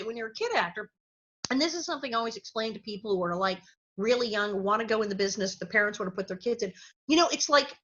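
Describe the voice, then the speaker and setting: A middle-aged woman, a former child actress, telling lively stories as an interview guest and acting out the people she quotes. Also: on the high side. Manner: animated storyteller, acts out quotes with big laughs. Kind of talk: casual storytelling interview. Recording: dull lo-fi audio.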